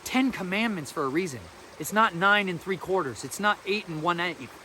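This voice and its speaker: A man's voice: high voice, animated, moderate pace, sharp tone, slight background noise. A man giving an informal spiritual teaching as a podcast host, earnest, emphatic and colloquial.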